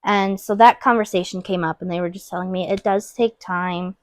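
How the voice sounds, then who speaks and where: A young woman co-hosting a podcast, openly telling her own story in a soft-spoken casual chat, with plenty of "like" fillers. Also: on the low side, steady tone, fairly quick, no echo. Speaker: podcast co-host.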